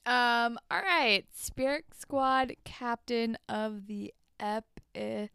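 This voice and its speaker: In a slow, creaky voice that's pushed and bright yet clear and resonant, a young woman co-hosts a casual podcast recapping a TV episode. Chatty, she acts out characters' lines with big pitch jumps, and the studio-quality recording has no room sound.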